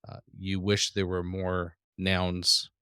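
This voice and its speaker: A man with a deep voice teaches a classroom lesson at a slow, deliberate pace. He patiently repeats each vocabulary word. The recording is dry with little room sound. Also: monotone, pushed and bright, clean tone, dry recording. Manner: patient, repeats words slowly. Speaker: Hebrew teacher.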